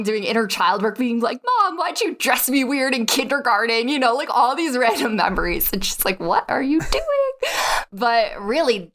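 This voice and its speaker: A woman's voice: mid-range voice, fairly bright tone. A young adult woman, a podcast guest, telling her story in a casual interview and acting out her own past dialogue.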